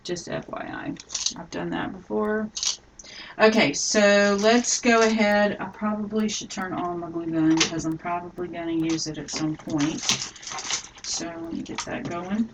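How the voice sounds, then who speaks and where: A middle-aged woman hosting a live scrapbooking tutorial, chatting casually and thinking aloud as she works, often trailing off softly. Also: fairly low pitch, steady tone, unhurried, noisy background.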